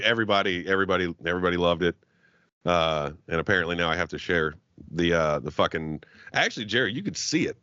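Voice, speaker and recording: Male podcast guest, low voice, cursing storyteller, dry, muffled audio. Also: no room sound. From Arab heritage. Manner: profane, animated storyteller who acts out quotes. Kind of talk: casual storytelling.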